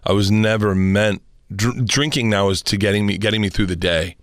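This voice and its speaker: A man's voice: on the low side, steady tone, moderate pace, no echo, clean studio sound. A middle-aged man from Florida, a touring comedian telling a personal story as a guest in casual, profane, rambling chat.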